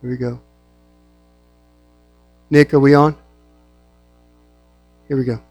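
A man preaching a sermon as a pastor, speaking slowly and deliberately, with pauses and fillers. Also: medium pitch, level tone, darkish tone, dry recording, faint music behind.

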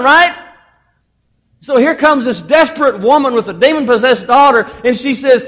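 High, lively-voiced preaching man. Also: long reverb tail. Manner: emphatic preaching, calls the congregation "beloved"; swings between loud emphasis and hushed, drawn-out phrases. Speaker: pastor. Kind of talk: sermon.

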